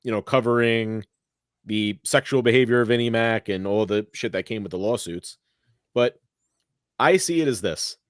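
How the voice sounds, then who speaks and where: A man's voice: on the low side, normal speed, clean tone, no echo, studio quality. A man co-hosting a live podcast in casual chat, easygoing, steering the show from one segment to the next. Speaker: podcast co-host.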